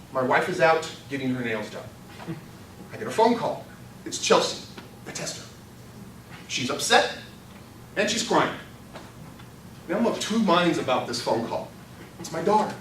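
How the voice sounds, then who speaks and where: An older man giving a humorous storytelling speech at a contest, animated and laughing through his own punchlines. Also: a little high, far from the mic, slight background noise. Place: meeting hall. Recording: echoey hall recorded from afar.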